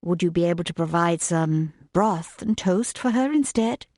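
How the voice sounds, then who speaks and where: A woman's voice: fairly low pitch, expressive, moderate pace, dry recording, clean studio sound. Woman voicing a polite young governess. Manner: polite, gently earnest.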